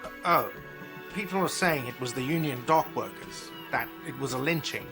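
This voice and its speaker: A man's voice: medium pitch, moderate pace, vocal fry, lightly acted. An actor playing an irritable, whiny male diner manager who talks defensively. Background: game music.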